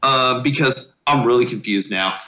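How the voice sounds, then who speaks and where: A man playing a tabletop game, casual and excited, cheering and swearing at his rolls. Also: medium pitch, normal speed. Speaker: player.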